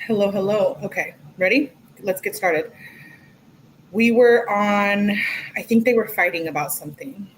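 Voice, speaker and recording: A woman's voice: medium pitch, unhurried, poor audio. Woman livestream host at home; chatty, profane, talks straight to her chat. Mid-range voice, faint noise behind. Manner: chatty, swears freely, greets chat viewers. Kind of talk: casual livestream commentary.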